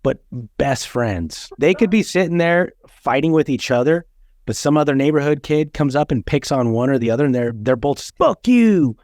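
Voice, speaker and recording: A man's voice: mid-range voice, moderate pace, darkish tone, no echo, clean studio sound. A man in his thirties hosting a podcast, chatting casually and bluntly, swearing freely as he tells stories. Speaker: podcast host. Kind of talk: casual chat.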